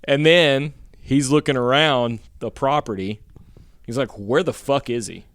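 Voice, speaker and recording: A man co-hosting a podcast, telling a rambling, profane story in casual chat and getting animated when he quotes others. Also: medium pitch, unhurried, no room sound.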